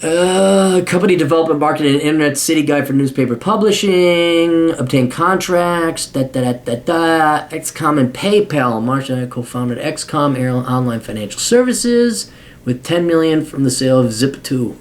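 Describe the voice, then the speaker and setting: A man's voice: a little high, expressive, moderate pace. Sarcastic, profane man reading aloud. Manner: sarcastic, profane running asides. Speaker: podcast host. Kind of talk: reading a biography aloud with commentary.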